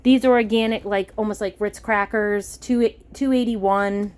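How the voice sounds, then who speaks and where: Chatty Massachusetts woman excited by bargains. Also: mid-range voice, a little slow, hardly any pauses, clear, resonant tone. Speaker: vlogger. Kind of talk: casual grocery haul chat.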